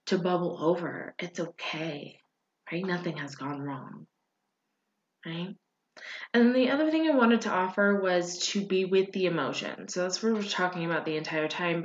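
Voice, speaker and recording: A woman hosting a podcast, talking casually and earnestly to listeners, reassuring them and often checking in with "right?". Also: mid-range voice. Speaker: podcast host and coach. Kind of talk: casual motivational talk. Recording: roomy, dull lo-fi sound.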